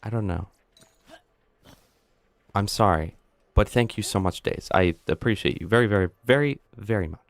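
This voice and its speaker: A man's voice: lowish voice, moderate pace, creaky, long pauses, no echo. A man streaming a video game live, joking around and chatting to his viewers. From United States. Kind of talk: live gameplay commentary.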